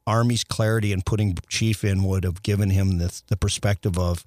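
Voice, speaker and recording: A man's voice: low voice, steady tone, fairly quick, hardly any pauses, darkish tone, no room sound, clean studio sound. A middle-aged man, a former hockey player, telling long stories in a casual chat, restarting sentences often and acting out dialogue. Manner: rambling with many restarts, acts out quoted dialogue.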